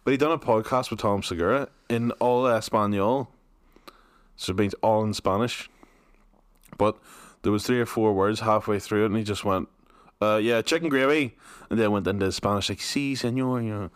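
Excitable podcast guy, dry close sound. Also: lowish voice, normal speed, no echo. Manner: laughing, excitable storyteller, swears casually. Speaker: podcast co-host. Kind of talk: casual chat.

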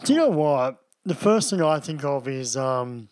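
A man's voice: medium pitch, expressive, unhurried, darkish tone, no echo. A man co-hosting a casual podcast chat, joking and playing with words. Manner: jokey, plays with words. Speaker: podcast co-host.

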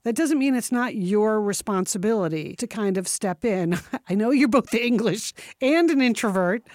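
A woman's voice: mid-range voice, darkish tone, dry recording, studio quality. A woman co-hosting a workplace advice podcast, giving direct, frank advice in casual chat. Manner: direct, frank, laughs easily.

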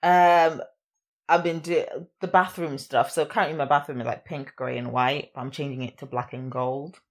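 Casual podcast co-host: a woman with a low voice, chatty and quick to laugh. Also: fairly even intonation. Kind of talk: casual chat.

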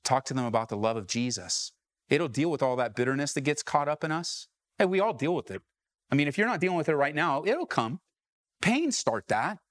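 A man preaches a sermon to his congregation, his voice sitting fairly high for a man. He keeps turning to the people with questions and pressing each point home. The sound is dry and close, with little room echo. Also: fairly bright tone. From Southern California. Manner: preaching with rising calls to the congregation. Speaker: pastor. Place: church.

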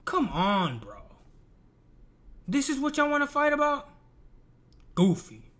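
High-voiced, exasperated man ranting. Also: huge pitch swings, a little slow, bright, forceful tone. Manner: profane, exasperated, emphatic. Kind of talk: casual ranting commentary.

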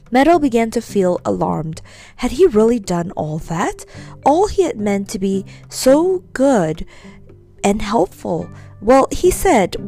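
Lively woman reading a children's story. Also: medium pitch.

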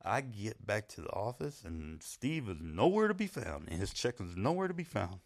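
Deep gravelly man telling stories. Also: very animated, moderate pace. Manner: rambling, swearing, laughing at his own story. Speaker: storyteller. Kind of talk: profane casual storytelling.

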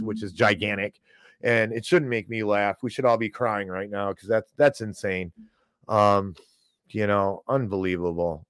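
A man's voice: fairly low pitch, no echo. A man hosting a podcast, talking in a sarcastic, rambling way. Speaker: podcast host. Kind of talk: casual commentary.

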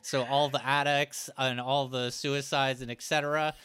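Male podcast co-host: bright, smooth voice, joking questioner. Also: mid-range voice, little pitch movement, moderate pace. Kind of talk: casual podcast interview.

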